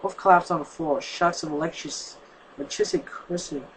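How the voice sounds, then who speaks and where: A man's voice: a little high, very animated, brisk, a bit bright, slight background noise, poor audio. A man casually reading a fanfic aloud, stumbling and correcting himself, his voice strained from a sore neck. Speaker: fanfic reader.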